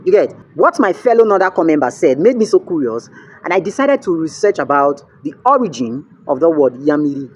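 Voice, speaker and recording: A young man with a Nigerian accent, a vlogger, tells a story to the camera in a chatty way, mixing in pidgin and often checking in with "you get?" His voice is fairly high and sing-song, he speaks fairly quickly, and there is slight background noise.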